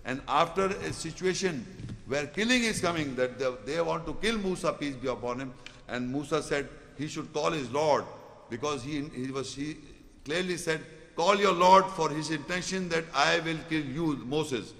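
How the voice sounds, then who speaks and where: Gravelly preacher. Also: male voice, fairly high pitch, a bit bright, in a large hall. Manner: recites Arabic verses rapidly, then explains in English; repetitive, rhetorical questions. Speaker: Islamic preacher. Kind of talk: Quran commentary lecture.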